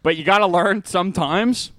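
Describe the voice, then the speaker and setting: A man's voice: sits high, moderate pace, a bit bright, no room sound, clean studio sound. A young man co-hosting a casual comedy podcast, teasing in a mock-serious way and swearing freely. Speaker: podcast co-host.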